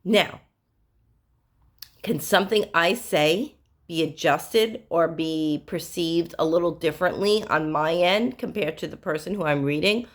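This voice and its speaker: A woman psychic medium, her voice a little low for a woman, speaks earnestly and at a measured pace to her viewers. She gives spiritual advice through stories, addressing the listener directly and plainly.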